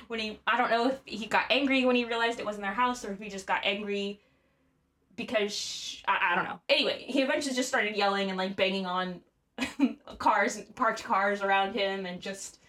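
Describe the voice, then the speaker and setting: A young woman recounts a story on a casual podcast, chatty and loose. Her talk is full of "like" and "um", and she laughs easily. Her pitch sits in a middle range. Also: steady tone, moderate pace, a bit bright. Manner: chatty, lots of "like" and "um", laughs often. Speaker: podcast host.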